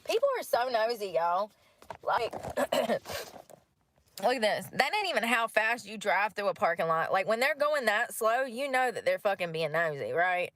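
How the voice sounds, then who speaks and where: A woman's voice: mid-range voice, very animated, measured pace, fairly bright tone. A woman talking in casual chat from a parked car at night, rambling, laughing often and swearing freely. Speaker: vlogger.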